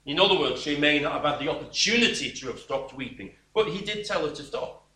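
Preacher, male, high bright tone, unhurried emphatic delivery, echoey hall sound. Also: animated. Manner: slow, emphatic preaching with sudden drops to a quiet voice. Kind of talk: sermon. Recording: echoey room.

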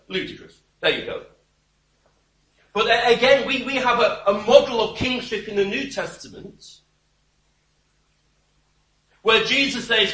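A man's voice: sits high, expressive, measured pace, pauses often, bright, forceful tone. A man preaching an expository sermon, with wry, emphatic and scornful asides. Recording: roomy, distant church mic.

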